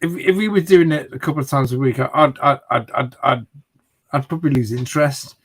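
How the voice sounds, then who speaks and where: A man's voice: medium pitch, a little fast, breathy edge. A married man co-hosting a casual chat show, agreeable and stammering through his restarts. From Britain. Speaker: podcast co-host.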